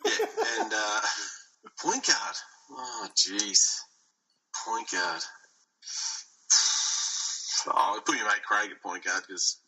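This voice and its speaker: Man, podcast co-host, casual banter, animated pitch, very bright tone. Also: takes it slowly, long pauses, a little hiss or hum, rough recording. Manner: joking, laughs a lot, banter. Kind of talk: casual chat.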